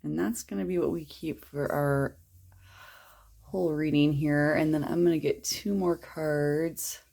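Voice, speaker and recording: Chatty tarot lady, low gravelly voice, kinda husky, talks loose and rambly. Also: fairly even intonation, measured pace, mellow. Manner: chatty, rambling, drops to a whisper at times. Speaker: tarot reader. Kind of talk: casual tarot reading to camera.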